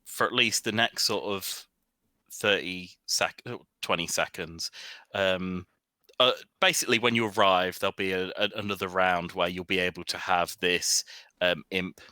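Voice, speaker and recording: A man runs a tabletop game over a voice call from his home microphone. His voice is low yet very bright and cutting, and his pitch moves widely. The sound is close and dry. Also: fairly even intonation, unhurried, clean tone, no room sound. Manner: explains rules with restarts and corrections. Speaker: game master.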